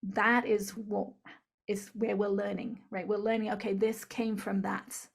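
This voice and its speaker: A woman's voice: medium pitch, flat delivery, measured pace, vocal fry, slightly rough. A woman with a mid-range voice speaks as an interview guest, earnest and instructive. She explains step by step and keeps tagging her points with "right?".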